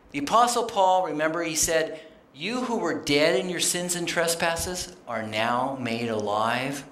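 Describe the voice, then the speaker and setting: An unhurried preacher with a swooping, expressive delivery, speaking plainly and reading out scripture between friendly asides to the congregation. The voice rings through a roomy church sanctuary. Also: medium pitch, slight background noise. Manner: animated, plainspoken, quoting scripture and addressing the congregation. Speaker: guest speaker on missions. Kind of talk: conversational sermon.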